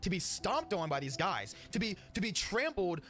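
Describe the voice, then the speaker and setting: A man's voice: high-pitched, big pitch swings, moderate pace, a bit bright. A man telling his own story in a heated, pleading rant, repeating himself as he gets worked up. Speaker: storyteller in a video being reacted to. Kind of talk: impassioned personal rant to camera.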